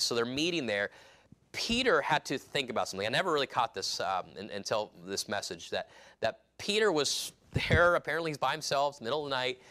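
A male preacher working verse by verse through a text, reading old scripture aloud and breaking into acted-out scenes. His voice is bright and ringing, with a middle-range pitch and an animated, conversational delivery. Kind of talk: expository sermon.

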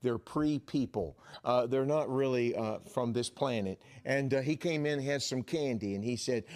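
Middle-aged male pastor preaching, mid pitch. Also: moderate pace, few pauses. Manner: storytelling, lively, builds in volume for emphasis. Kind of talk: sermon.

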